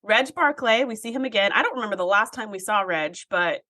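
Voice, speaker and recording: Bright-voiced woman co-host, animated. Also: mid-range voice, fairly quick. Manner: animated storyteller, acts out quotes. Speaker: podcast co-host. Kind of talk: casual chat, recapping an episode.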